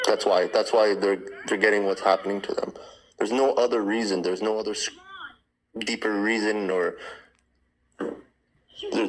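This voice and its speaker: A man's voice: on the low side, slight background noise, poor audio. A man calling into a live stream, insistently preaching his view. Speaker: caller. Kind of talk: casual call-in talk.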